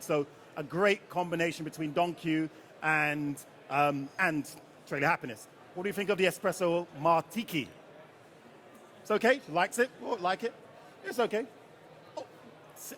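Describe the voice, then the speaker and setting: A man with a high, bright-sitting voice runs a live tasting session on stage, quizzing the crowd and cracking jokes. He talks in a loose, chatty way and keeps the audience involved. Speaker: rum ambassador leading a tasting.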